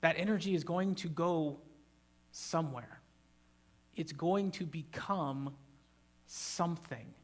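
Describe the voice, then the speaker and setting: A man as pastor preaching a sermon in a church, emphatic, building to loud animated bursts and joking with the congregation. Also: on the high side, slow, pauses often.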